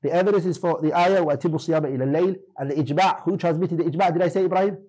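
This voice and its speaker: A man's voice: a little high, rapid-fire, dark tone, breathy edge, rough recording. A man teaching a classroom lesson on Islamic law, quizzing his students by name and correcting them firmly.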